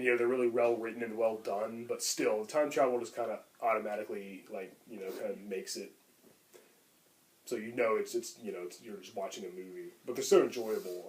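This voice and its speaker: Films are the topic for this podcast co-host, whose voice is mid-range and darkish in tone. He chats in a casual, enthusiastic way, rambling with plenty of fillers.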